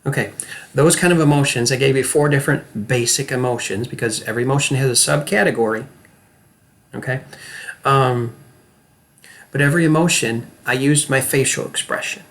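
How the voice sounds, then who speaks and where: A man's voice: medium pitch, normal speed, a bit bright. A middle-aged man who works as an acting coach, giving an earnest, emphatic lesson straight to camera and often checking in with the viewer.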